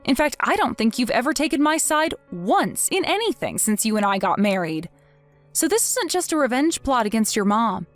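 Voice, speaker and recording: A woman's voice: on the high side, sing-song, moderate pace, soft background music. A woman voicing a vengeful young wife who speaks in a mocking, sarcastic way. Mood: taunting. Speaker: wife in a text-message story.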